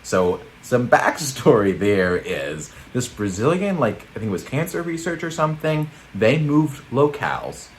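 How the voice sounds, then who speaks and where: A man's voice: medium pitch, big pitch swings, measured pace, hardly any pauses, slight background noise. A man co-hosting a comedy news show, chatting casually in a rambling, jokey way and laughing often.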